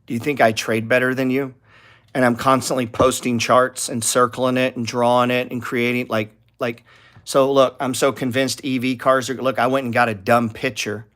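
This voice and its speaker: A man's voice: medium pitch, little pitch movement, normal speed. Middle-aged man, trading channel host; blunt, profane, loose and rambling. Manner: blunt, profane, rambling, gets heated and louder. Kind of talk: casual trading talk to viewers.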